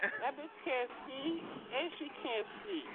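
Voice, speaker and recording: Slow crude caller on a noisy line. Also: sits high. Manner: blunt, crude interjections. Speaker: caller on the community call. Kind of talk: casual call-in chat. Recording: tinny phone line with loud noise.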